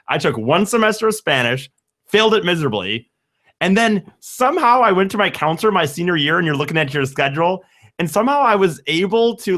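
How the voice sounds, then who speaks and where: A young man co-hosting a podcast, telling a story in a rambling, halting, self-deprecating way. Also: fairly high pitch, a bit bright. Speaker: podcast co-host. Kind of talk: casual chat.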